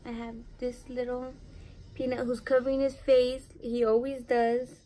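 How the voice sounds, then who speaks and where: This is a young woman vlogging, with a voice that sits a little high. She tells a personal story in an emotional, confiding way. Her talk is loose and chatty, full of "like.". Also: level tone, a little slow, mellow. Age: young adult. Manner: chatty, heavy use of "like". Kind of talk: casual storytelling to camera.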